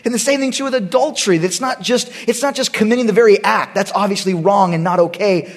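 A middle-aged man preaches a sermon as pastor in a high-pitched voice at a quick pace. He swings between loud bursts and hushed, quiet asides.

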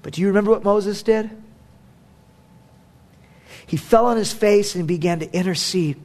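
A man's voice: high-pitched, normal speed, pauses often, a little mellow. A man preaching a sermon as a pastor, conversational and emphatic, with casual fillers.

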